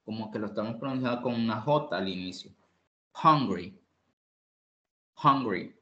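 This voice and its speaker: A male English teacher who is a Spanish speaker, giving an online lesson. He repeats phrases patiently, switches between English and Spanish, and often clears his throat. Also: on the low side, racing, muffled recording. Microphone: online class call. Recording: roomy echo.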